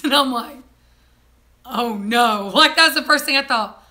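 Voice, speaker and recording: A young woman vlogging, casually telling family stories, animated and laughing. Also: on the high side, a little slow. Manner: animated, laughing, mimics people in quotes. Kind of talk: casual storytelling chat.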